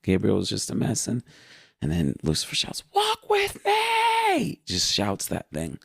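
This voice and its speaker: A man's voice: deep voice, animated, moderate pace, creaky, a bit bright, breathy edge, no room sound, studio quality. A man earnestly recounting a vivid spiritual vision in casual spoken testimony. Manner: earnest, vivid storytelling with fillers.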